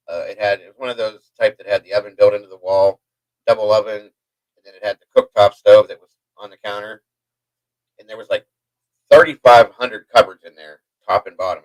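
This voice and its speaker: A man hosting a live stream, telling a long personal story in a rambling, profane, animated way. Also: on the low side, fairly quick, poor audio. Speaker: host. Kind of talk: livestream storytelling.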